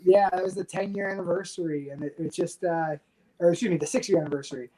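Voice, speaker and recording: A man in his forties from the United States tells his stories as a podcast guest. He keeps it loose and lively and acts out what other people said. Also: high voice, fast, low-quality recording. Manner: animated storyteller acting out others' quotes. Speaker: guest, retired soldier and pro wrestler. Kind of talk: casual storytelling interview.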